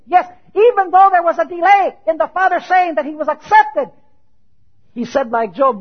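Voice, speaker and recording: At a moderate pace, a man delivers a sermon in which he asks questions and answers them himself. Quoted scripture comes out loud and his questions low, and the recording sounds dull and lo-fi.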